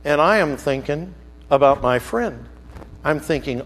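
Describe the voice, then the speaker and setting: A man preaching a sermon as a story, animated, swinging from loud outbursts to hushed, slow emphasis. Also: on the high side, in a large hall.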